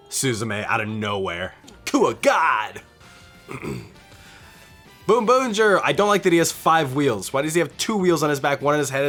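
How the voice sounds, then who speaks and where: Young man, excited reaction host, swings up and down in pitch, faint music underneath. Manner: excited, swears often, laughs a lot. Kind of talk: casual reaction commentary.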